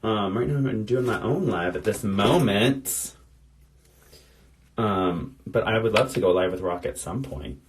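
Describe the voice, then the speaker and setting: A man's voice: lowish voice, lively intonation, unhurried, a little hiss or hum. A man in his thirties chatting casually on a phone livestream, reading out viewer comments while doing his makeup. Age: 30s. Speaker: drag performer.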